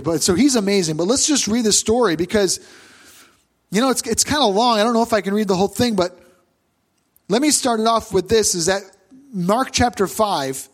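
A male pastor delivers a sermon with a notably high voice. He tells the story with plenty of animation and bursts into loud, acted-out quotes. He sounds middle-aged.

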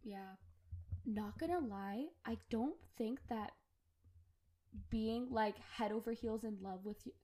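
A woman's voice: on the high side, slow pace, long pauses, dark tone. Chatty young woman, filler-heavy. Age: young adult. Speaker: podcast co-host. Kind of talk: casual chat.

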